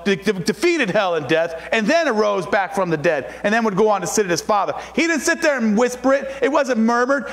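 Preaching pastor, high voice, echoing hall. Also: male voice, gravelly. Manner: preaching with rising shouted emphasis and repetition; reads scripture slowly and deliberately. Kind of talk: sermon.

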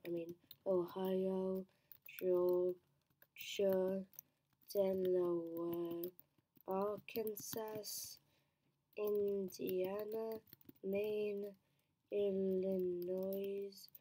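A woman's voice: medium pitch, warm tone. A woman thinking aloud as she plays a timed quiz, muttering to herself, trailing off, restarting answers and slipping into whispers. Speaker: quiz player.

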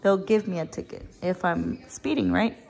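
A woman's voice: lowish voice, moderate pace, creaky, a little mellow. A woman telling a story to the camera as a family vlogger, chatty and emotional, with some casual swearing, while she drives. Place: in her car while driving.

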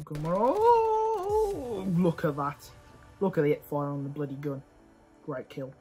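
A young man giving excitable live commentary over his own gameplay, cheering and swearing at the action. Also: on the high side. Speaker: gaming YouTuber.

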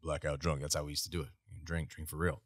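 A thirties American man with a bass voice talks fast, a veteran guest on a podcast telling profane army stories with animated energy. The recording is dry and studio quality, captured on a podcast studio mic.

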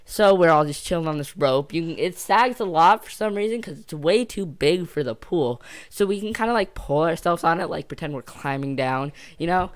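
A man's voice: on the high side, moderate pace, hardly any pauses. A young man telling a casual storytime for his channel, rambling and jokey, often trailing off and circling back. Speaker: YouTuber.

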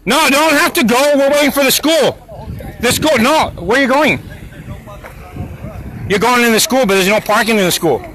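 A man's voice: extremely high pitch, moderate pace, pauses often, bright, forceful tone, slight background noise, low-quality recording. A man filming on a street by a school with his phone, arguing heatedly with road workers and repeating himself. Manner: heated, argumentative, repetitive. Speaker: parent filming a street dispute. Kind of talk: handheld confrontation vlog.

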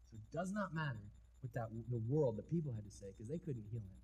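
A man preaching a sermon as pastor. He talks in a casual, conversational way, swinging between loud, emphatic bursts and quiet intensity. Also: mid-range voice, lively intonation, quick pace, few pauses, husky.

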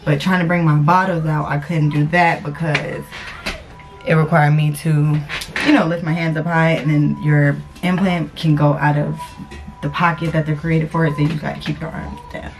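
A woman's voice: low voice, little pitch movement, moderate pace, music in the background. A young woman vlogging casually on her phone, blunt and cussing freely. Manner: blunt, cusses freely, groans in pain. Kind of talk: casual confessional vlog. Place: car, then indoors at home. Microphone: phone camera. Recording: noisy phone recording.

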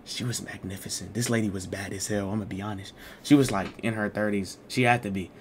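Talking fast in a lowish voice over a noisy background, a man relays a story to his stream chat. He's excitable and full of slang, moving between muttered asides and loud outbursts.

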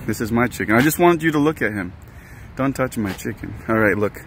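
A man's voice: medium pitch, animated, a little fast, slight background noise. A man vlogging casually outdoors and in his truck, teasing his companion and laughing often. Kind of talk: casual vlog banter.

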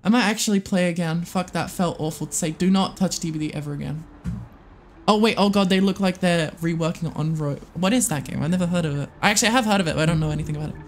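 A livestreamer in casual gameplay commentary, excitable and swearing often while talking to the game and chat. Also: medium pitch, fast, a little hiss or hum. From United States.

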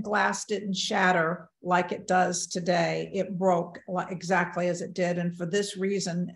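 A woman's voice: medium pitch, creaky, fairly bright tone. Older woman telling a vivid personal story. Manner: vivid first-person storytelling, acting out her own thoughts. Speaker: near-death experience speaker. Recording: roomy echo.

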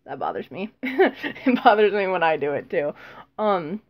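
A woman's voice: medium pitch, very animated, measured pace, lo-fi sound. A teenage girl chatting casually in a vlog, rambling and self-deprecating, with frequent ums and laughs. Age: teens. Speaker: vlogger.

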